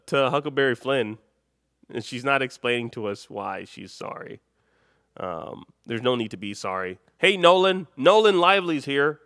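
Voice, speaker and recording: A man's voice: mid-range voice, fairly bright tone, clean tone, no room sound, studio quality. A man from Chicago hosting a late-night live stream, rambling and joking with the chat and laughing often. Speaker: live show host.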